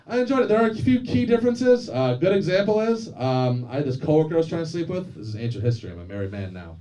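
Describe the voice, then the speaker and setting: Crude, lively stand-up comic man. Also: a little high, recorded from a distance. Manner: crude, self-deprecating banter with the crowd. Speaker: stand-up comedian. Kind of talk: stand-up routine. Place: comedy club stage. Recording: live club with crowd laughter. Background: audience laughter.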